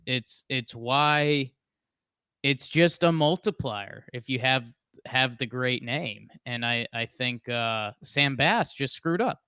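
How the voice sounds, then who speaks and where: A man's voice: medium pitch, a bit bright, smooth, no room sound. A man co-hosting a comedy history podcast, talking casually with a slight lisp. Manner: joking, mock-dramatic narration in the intro. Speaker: podcast co-host.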